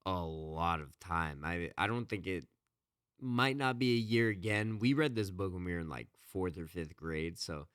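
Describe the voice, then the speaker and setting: A man's voice: low-pitched, lively intonation, moderate pace, fairly bright tone, clean tone, dry recording, studio quality. A man co-hosting a podcast, casually retelling a book's story with lots of fillers and restarts. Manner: rambling, many fillers and restarts. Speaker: podcast co-host. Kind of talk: casual chat retelling a book.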